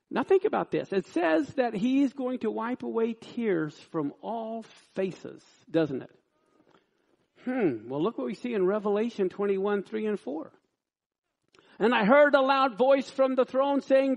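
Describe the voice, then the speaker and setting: A man preaching a sermon, reading scripture and telling a personal story in an animated way, acting out the people in it. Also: very high-pitched, measured pace, vocal fry. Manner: animated storyteller, acts out quoted lines loudly. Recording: dull lo-fi sound.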